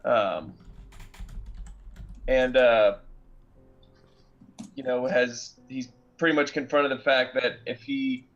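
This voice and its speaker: A man's voice: medium pitch, fairly even intonation, takes it slowly, pauses often, a bit bright. Hesitant man, slightly dull audio. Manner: hesitant, thoughtful, many fillers. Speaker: player. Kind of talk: describing his character's choices.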